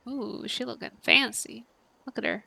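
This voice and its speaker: A woman's voice: on the high side, fairly even intonation, moderate pace, creaky, pushed and bright, husky. A woman hosting a let's play, commenting on the game in a profane, dramatic, ranting way. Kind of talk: casual gameplay commentary. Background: game music.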